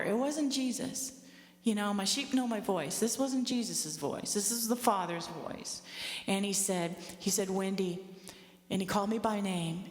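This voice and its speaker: A woman in her fifties giving a personal testimony to an audience, earnest and conversational, with asides to her listeners. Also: medium pitch. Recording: echoey hall with long reverb.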